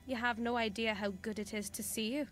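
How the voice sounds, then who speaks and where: A woman's voice: on the high side, steady tone, fairly quick, a bit bright, faint music behind, natural voice. An actress voicing a dry, teasing older female former newspaper writer in a mystery game. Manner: dry, teasing, then urgent.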